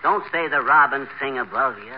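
A man's voice: medium pitch, normal speed, muffled recording, lightly acted. An actor playing a blustering, boastful small-town man who talks in a brash, wisecracking, folksy way, in a 1940s radio comedy. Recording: old radio recording with hiss.

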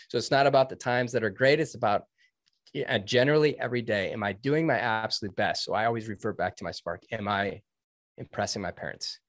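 A man's voice: medium pitch, a bit bright, no room sound. A man recounting his military training in an interview, earnest and openly emotional, with restarts. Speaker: interview guest, former Navy SEAL trainee. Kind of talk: storytelling in a conversational interview.

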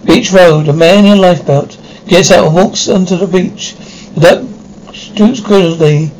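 A man's voice: high-pitched, a little slow, a little mellow, slight background noise, low-quality recording. A man reading a script's stage directions aloud, casually and with small slips.

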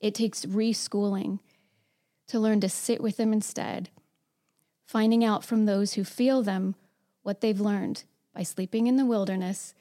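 A woman with a mellow, warm-toned voice leading a casual group discussion. She talks loosely with plenty of fillers and turns questions back to the group. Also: medium pitch, fairly even intonation, a little slow. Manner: conversational, many fillers, asks questions.

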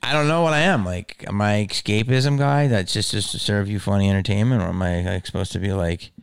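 A man hosting his own podcast, rambling in a casual, profane monologue that swings from mumbles to loud outbursts. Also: on the low side, a little fast, gravelly, slight background noise. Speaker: podcast host.

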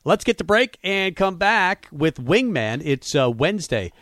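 A man's voice: high voice, very animated, a little slow, a bit bright, dry recording. Dry-voiced male sports radio co-host. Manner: conversational, musing, frequent fillers. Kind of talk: casual sports talk.

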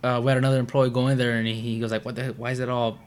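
A man guest on a podcast, talking in rambling, slangy and profane casual chat that often trails off quietly. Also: mid-range voice, little pitch movement, very fast.

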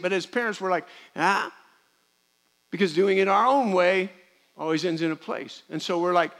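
A middle-aged male pastor preaching in a church, his voice sitting high for a man and ringing bright. He slips from hushed, intimate talk into loud, fervent preaching, voicing both people and God as he goes. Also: lively intonation, normal speed. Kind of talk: sermon. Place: church sanctuary.

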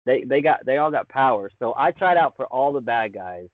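A voice actor appears as a guest on a casual podcast, chatting with enthusiasm and dropping "man" and "dude" a lot. His mid-range voice has lively intonation and a normal speed. The line sounds tinny and phone-like, dry with no echo.

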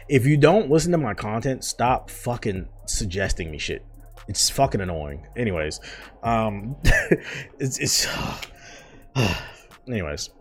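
A man's voice: lowish voice, expressive, a little slow, long pauses. A young man hosting his own podcast, ranting casually with lots of swearing, restarts and exasperated asides. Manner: profane, rambling, exasperated. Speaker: podcast host. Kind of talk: casual solo podcast rant.

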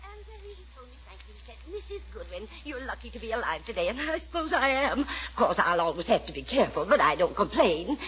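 A woman's voice: on the high side, sing-song, fast, hardly any pauses, fairly bright tone, slight background noise. An actress playing a chatty, patronizing older mother in a 1940s radio comedy, gushing and fussy. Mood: gossipy. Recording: dull lo-fi old radio recording.

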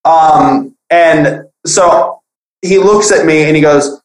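A young man casually telling a profane school story on a podcast, animated, acting out the people he quotes. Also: on the high side, takes it slowly. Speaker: podcast guest. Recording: echoey room.

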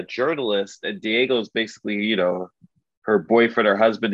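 Low-voiced man retelling a story. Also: no room sound. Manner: animated, loose, full of "like" and "you know". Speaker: podcast co-host recapping a story. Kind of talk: casual storytelling chat. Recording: dull lo-fi dry recording.

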